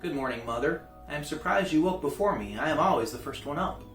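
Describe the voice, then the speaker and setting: A man's voice: medium pitch, fairly quick, a bit bright, reverberant, recorded from a distance, soft background music, close to an everyday voice. A man reading aloud, voicing an earnest, polite young man who speaks formally.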